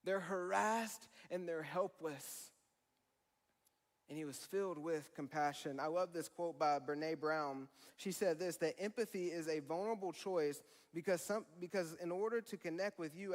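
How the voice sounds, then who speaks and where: High-voiced man preaching to students. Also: in a large hall. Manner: conversational, earnest, says "man" and "let's just be real". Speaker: student ministry pastor. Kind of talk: sermon to students.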